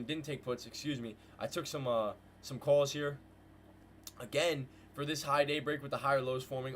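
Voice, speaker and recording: A man hosting a live trading stream, calling market moves to his viewers in a hyped, slangy way and repeating phrases in quick bursts. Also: medium pitch, slight background noise. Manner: hyped, slangy, talks to chat with "guys" and "bro". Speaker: trading livestream host. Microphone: desk mic with headphones.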